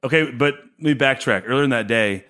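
A man who is a podcast guest, telling stories in a casual, animated way and acting out quotes. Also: mid-range voice, a little fast, clean tone. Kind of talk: casual chat.

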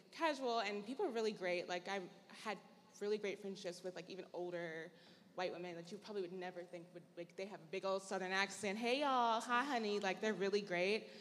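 A woman's voice: medium pitch, slight background noise. A young woman from Tennessee, a panelist telling her story in a casual, chatty, reflective way. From Tennessee, USA. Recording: long hall reverb.

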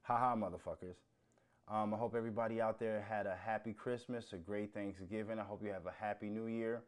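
Blunt, profane man, low-voiced. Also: little pitch movement, fast talker, a little mellow, clear, resonant tone. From United States. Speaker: podcast host. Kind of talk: casual solo podcast rant.

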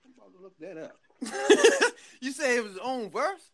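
A man telling a story in casual chat, animated and laughing, full of slang. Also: very high voice, moderate pace.

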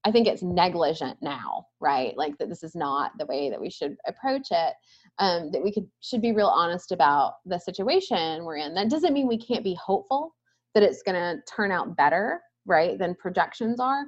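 A woman's voice: on the low side, animated, normal speed, highs cut off. A woman in her thirties talking as a guest in a casual conversation, thoughtful and often ending points with a questioning "right?".

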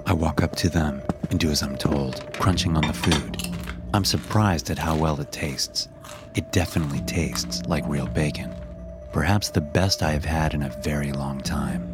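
Deep-voiced man narrating a horror story. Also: moderate pace. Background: music.

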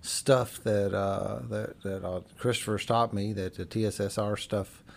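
Low gravelly man, earnest podcast host. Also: fairly even intonation, a little slow. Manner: rambling and earnest, with frequent fillers. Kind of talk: casual recovery talk. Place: studio.

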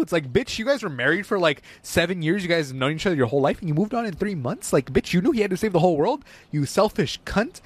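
A young man chatting with friends, his pitch leaping up and down as he rants. He swears constantly and mocks whatever he talks about, slipping into silly put-on voices. His voice sits a little high for a man. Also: expressive, quick pace, hardly any pauses, a little hiss or hum. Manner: profane, mocking, acts out scenes in silly voices. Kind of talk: casual chat.

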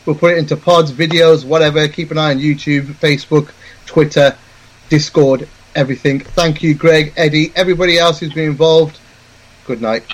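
A man's voice: on the high side, fairly even intonation, normal speed. A man hosting a live podcast, wrapping up the show with casual, sweary thanks to his guests. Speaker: host.

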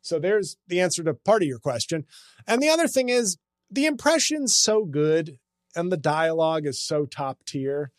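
A man's voice: a little high, sing-song, normal speed, no echo, studio quality. A man hosting a casual comedy podcast, talking in a sarcastic, ranting, self-mocking way.

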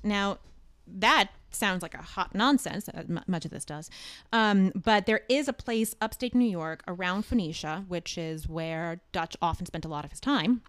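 A woman's voice: fairly low pitch, unhurried, fairly bright tone, clear, resonant tone, no echo. A woman hosting a podcast in a casual, chatty way, explaining things at length. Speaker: podcast host.

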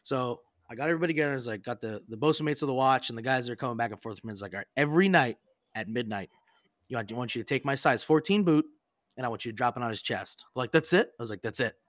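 A man's voice: mid-range voice, very fast, no echo, studio quality. A man casually telling a crude prank story on a podcast, rambling and profane, full of "like" and acted-out quotes.

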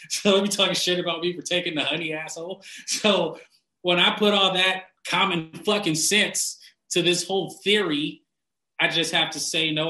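In an echoey room, a man with a bright, fairly high voice goes on a blunt rant about diet and the people who preach it, swearing constantly. He laughs a lot and grows animated whenever he mocks someone.

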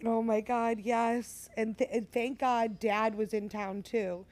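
A woman's voice: fairly high pitch, little pitch movement, slow pace, darkish tone. A woman in her twenties, telling a story in casual chat, laughing often and acting out what others said. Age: 20s.

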